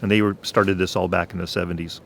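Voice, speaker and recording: A man telling his faith testimony on his own channel in an earnest way, clearing his throat at times. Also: low voice, little pitch movement, fairly bright tone, a little hiss or hum. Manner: slow, earnest, preacher-like. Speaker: channel host.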